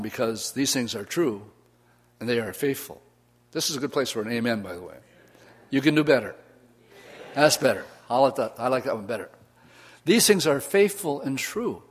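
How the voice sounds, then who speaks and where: A man, a pastor, preaching a sermon to a congregation, reading scripture aloud and calling for responses. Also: mid-range voice. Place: church.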